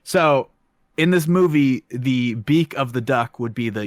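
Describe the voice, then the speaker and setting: A podcast co-host with a mid-range male voice rambles through a film review at a slightly slow pace, full of fillers and self-conscious asides. The recording is studio quality with no echo.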